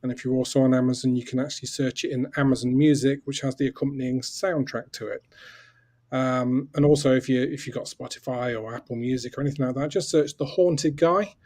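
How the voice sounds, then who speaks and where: A man with a mellow, warm voice, chatting as a guest on a video call. He promotes his magazine keenly and slips in dry jokes. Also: medium pitch, steady tone, a little fast. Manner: enthusiastic self-promotion with wry jokes. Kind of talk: casual live-stream chat.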